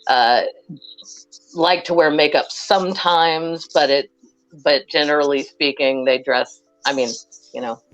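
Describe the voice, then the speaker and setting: A woman's voice: low-pitched, steady tone, unhurried, highs cut off, faint music behind. A woman from Western Kentucky, a guest chatting casually on a video call and rambling with many restarts.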